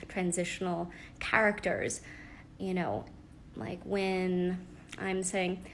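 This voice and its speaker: A young adult woman giving parenting advice in a casual live-stream chat, practical and chatty with soft laughs and fillers, talking into a phone at home. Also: mid-range voice, normal speed, a little hiss or hum.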